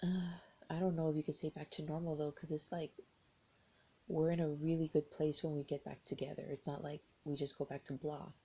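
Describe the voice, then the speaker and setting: Low, gravelly American woman rambling. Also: level tone, fairly quick, a little mellow. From United States. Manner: rambling, hesitant, many restarts. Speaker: tarot vlogger. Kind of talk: casual personal storytelling.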